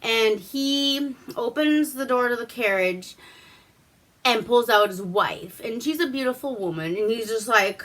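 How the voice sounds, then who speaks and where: Slow-talking chatty woman. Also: on the high side, a bit bright. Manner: loose and chatty, heavy "like" fillers and swearing. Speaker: vlogger reviewing a movie. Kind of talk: casual retelling of a movie plot. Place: at home drinking wine.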